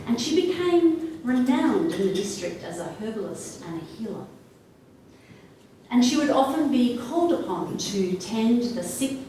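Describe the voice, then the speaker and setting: A woman with an Australian accent telling a folk tale aloud, with a lilting, expressive delivery that drops to a hush in quiet passages. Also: on the high side. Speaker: storyteller. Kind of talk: oral folk storytelling. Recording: echoey room, distant mic, faint noise.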